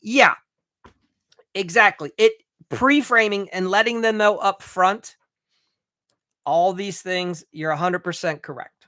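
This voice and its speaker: A man coaching remodelers in a live training, blunt and a bit profane, talking in quick bursts with restarts. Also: high voice, sharp tone, no echo, studio quality. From United States.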